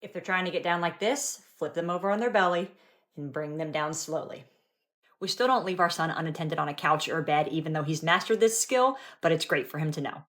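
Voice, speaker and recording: A woman's voice: low-pitched, a little fast, a bit bright. A young woman and mother giving casual parenting tips in an upbeat, instructive way.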